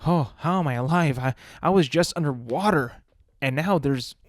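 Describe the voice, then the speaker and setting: A man's voice: a little high, moderate pace, no room sound, lightly acted. A man voicing a bewildered newborn baby boy who asks anxious questions, recorded in a dry room.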